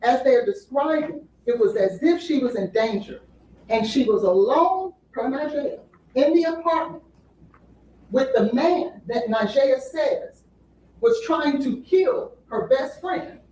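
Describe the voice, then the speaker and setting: High-voiced woman addressing a jury. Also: animated, measured pace, dark tone, slight background noise. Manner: emphatic, repeating "you'll hear" to a jury. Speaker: defense attorney. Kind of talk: courtroom opening statement. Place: courtroom. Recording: echoey courtroom audio from far off.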